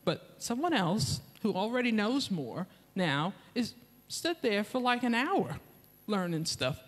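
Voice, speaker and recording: A woman's voice: on the low side, long reverb tail. A woman preaching as a guest speaker with an English accent, telling a confessional story from her own life and acting out the voices in it. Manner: confessional, animated storytelling with acted-out quotes. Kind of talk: sermon with personal story. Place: church hall.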